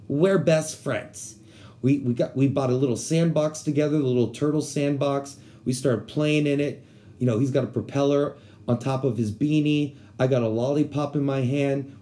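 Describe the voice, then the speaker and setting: Young man from Texas, casual storyteller: mellow tone, lively and profane. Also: mid-range voice. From San Antonio, Texas. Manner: animated, profane, slangy.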